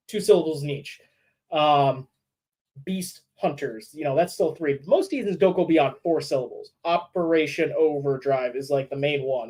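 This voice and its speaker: A casual livestream voice from a fan film creator who rambles and thinks out loud. The talk wanders, loose and unscripted, with swearing sprinkled throughout. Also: mid-range voice, low-quality recording.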